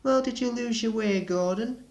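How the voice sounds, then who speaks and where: A man's voice: high voice, measured pace, voice pushed up. A man voicing a cheeky young male steam engine in a storybook reading, eager and chirpy. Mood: teasing.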